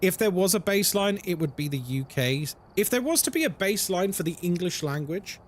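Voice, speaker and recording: Lively, high-voiced male streamer. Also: a little fast. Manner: animated, swears freely, drops into mock voices. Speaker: live streamer. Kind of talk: casual live-stream chat with viewers.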